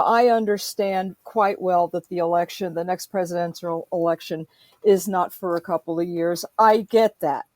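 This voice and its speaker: A woman's voice: a little high, darkish tone, dry recording. A woman in a profane, emphatic political rant, speaking as a podcast host.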